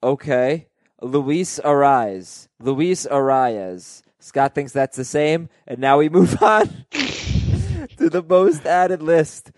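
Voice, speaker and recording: A man hosting a fantasy baseball podcast, chatting casually and reading listener emails aloud with animated delivery. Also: fairly high pitch, slow pace, a little hiss or hum. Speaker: podcast host.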